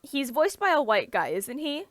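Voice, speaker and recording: A woman's voice: sits high, big pitch swings, normal speed, fairly bright tone, no echo. A woman co-hosting a casual chat, talking with eager enthusiasm and many restarts. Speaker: podcast co-host.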